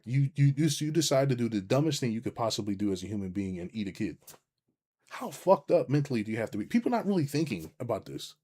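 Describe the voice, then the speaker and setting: Speaking on the low side with a breathy edge, a middle-aged man rants bluntly and profanely as a business coach. He's animated, addressing his livestream audience and reading their chat.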